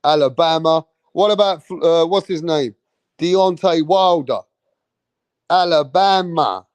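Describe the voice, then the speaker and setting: Slow-talking man on a livestream. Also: fairly high pitch, no echo. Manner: loose, rambling, swears freely, slangy. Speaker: livestream host. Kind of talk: casual livestream chat reading viewer comments.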